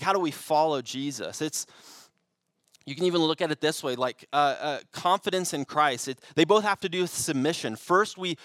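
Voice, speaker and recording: Young guy preaching, chatty, keeps restarting, slightly higher voice, dry sound. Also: fairly bright tone, no echo. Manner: conversational with frequent restarts and fillers. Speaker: pastor. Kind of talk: sermon.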